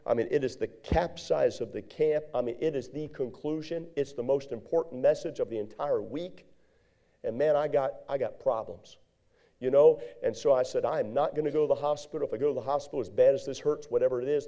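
A middle-aged male preacher telling a story in a sermon, animated, with sudden high outbursts. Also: dull audio.

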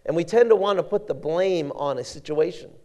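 A man preaching a sermon in an animated, conversational way, often repeating words as he goes. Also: a little high, fairly quick.

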